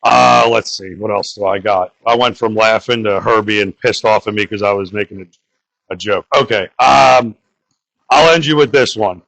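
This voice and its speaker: A man's voice: lowish voice, normal speed, gravelly, fairly bright tone, poor audio. A young man from the Bronx doing crude, rambling open-mic stand-up and talking to the crowd. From New York (the Bronx). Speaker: stand-up comedian.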